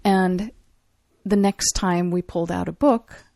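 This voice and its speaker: A woman co-hosting a parenting podcast, telling a family story in a lively, chatty way. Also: lowish voice, unhurried, creaky, no room sound, studio quality. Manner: warm, animated storyteller. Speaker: podcast co-host. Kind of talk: casual chat, storytelling.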